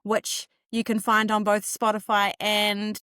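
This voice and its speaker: A woman's voice: medium pitch, completely flat delivery, measured pace, a bit bright, clean tone, dry recording, clean studio sound. A woman from New Zealand hosting a podcast and putting friendly questions to her guest. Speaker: podcast host. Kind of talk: interview questions.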